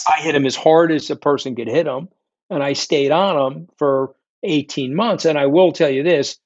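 A man's voice: medium pitch, a little mellow, no echo, lo-fi sound. Blunt New Yorker man telling war stories. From New York. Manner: blunt, profane, combative. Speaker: guest. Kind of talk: candid interview storytelling. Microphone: remote call.

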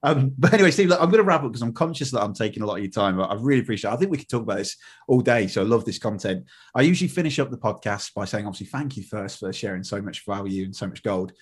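Male podcast host and magician; quick, husky, keeps chiming in with agreement. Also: lowish voice, animated. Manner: brisk, frequent agreeing interjections. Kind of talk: conversational podcast interview.

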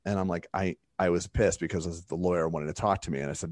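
A man with a fairly low voice chats casually on a podcast, telling stories with animation and slipping into the voices of the people he quotes. The sound is dry and close, with little room behind it. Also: fast, a little mellow, no room sound. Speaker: podcast co-host.

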